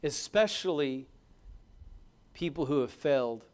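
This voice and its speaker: A male pastor delivering a sermon, moving between hushed passages and loud, emphatic ones. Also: a little high, expressive, unhurried. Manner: dynamic preaching, swings from hushed to loud and emphatic. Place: church.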